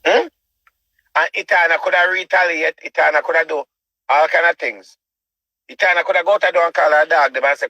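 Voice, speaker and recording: A man's voice: a little high, brisk, sharp tone, dry recording, muffled recording. A man with a Jamaican accent ranting as a show host, preachy and repetitive and full of rhetorical questions. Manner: preachy, repeats himself, asks rhetorical questions. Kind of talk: ranting commentary.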